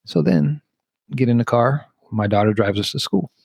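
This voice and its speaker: A man's voice: medium pitch, expressive, moderate pace, creaky, a little mellow, breathy edge, dry recording. A man in his forties, a podcast co-host, telling a funny story in casual chat and acting out his own quotes.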